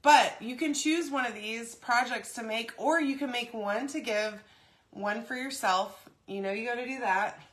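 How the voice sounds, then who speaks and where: A woman hosting a casual craft video, chatty and rambling, often saying "y'all" and "okay?", her throat dry and clearing often. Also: on the high side, moderate pace, fairly bright tone. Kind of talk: casual craft demo chat.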